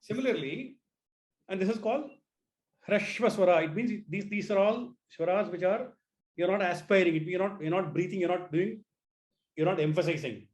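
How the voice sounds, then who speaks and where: A man teaches an online class, his voice sitting a little high. He restarts phrases often and coaxes his students to repeat the sounds after him. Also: moderate pace, a little mellow. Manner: repeats words, asks students to try sounds.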